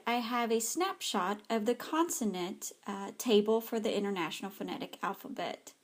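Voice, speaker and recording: A woman, an ESL teacher, reads a scripted slide presentation carefully, with small slips. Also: fairly high pitch.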